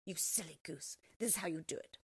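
A woman voicing a cruel, half-blind old witch who talks in a shrill, scolding way, in a storybook reading. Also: brisk, slightly rough, no room sound, exaggerated voice. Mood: impatient.

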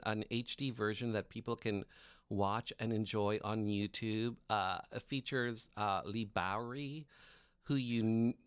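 Smooth-voiced enthusiastic male interviewer. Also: mid-range voice, no room sound. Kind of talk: interview questions.

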